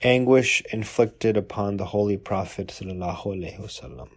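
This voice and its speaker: Male reader, low pitch, steady formal book-reading delivery. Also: a little fast. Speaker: reader of a religious biography.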